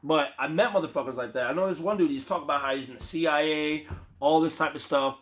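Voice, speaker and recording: A man's voice: on the high side, fast, a bit bright. A young man in a loose, profane, rambling vlog monologue, talking casually to his viewers. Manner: loose, profane, slangy, calls viewer bro. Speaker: vlogger. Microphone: phone. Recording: dull lo-fi phone audio.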